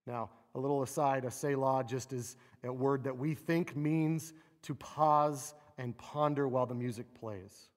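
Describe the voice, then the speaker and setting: A man preaching a sermon, animated and expressive, acting out quoted laments with a rising voice. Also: medium pitch, unhurried, hardly any pauses. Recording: long reverb of a large hall.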